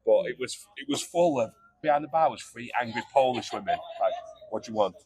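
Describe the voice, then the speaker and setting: Husky, animated man in his thirties. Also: mid-range voice, a little fast, low-quality recording. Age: 30s. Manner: rambling, sweary, animated. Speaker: podcast co-host. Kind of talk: casual storytelling.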